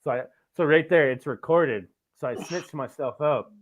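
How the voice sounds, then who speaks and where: A man's voice: on the high side, moderate pace. A man hosting a podcast, telling a long story in a loose, rambling way, swearing often and tagging lines with "right?". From Canada. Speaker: podcast host. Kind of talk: casual podcast chat. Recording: tinny phone-like audio.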